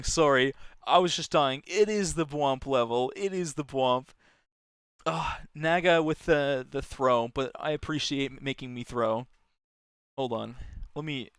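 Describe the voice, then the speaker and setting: A man's voice: mid-range voice, a bit bright, clean tone, dry recording, clean studio sound. A young man from Canada streaming a game from a small room at home, chatting casually with his viewers, laughing often and apologizing a lot. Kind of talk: casual live-stream chat. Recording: game music under voice.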